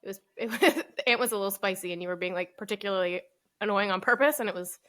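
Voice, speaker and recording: A woman's voice: mid-range voice, fast, a bit bright. A woman co-hosting a casual business podcast, chatty and self-deprecating, laughing often. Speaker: podcast co-host. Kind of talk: casual chat.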